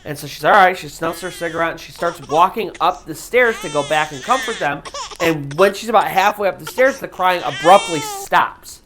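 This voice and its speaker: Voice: mid-range voice, lively intonation, moderate pace, a bit bright, slight background noise. Casual ghost-story narrator, chatty and loose. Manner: conversational, loose, with many "you know" fillers. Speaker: storyteller and channel host.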